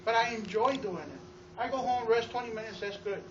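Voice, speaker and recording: High-voiced man telling an energetic testimonial. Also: fairly quick, slight background noise. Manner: energetic, storytelling with acted-out quotes; repeats and restarts words. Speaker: water store owner giving a testimonial. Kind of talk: testimonial speech to an audience. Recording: roomy, distant, dull sound.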